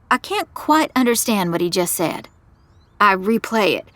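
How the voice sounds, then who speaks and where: A woman giving first-person scripted narration of an audio drama in a measured storytelling manner. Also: mid-range voice, expressive, dry recording.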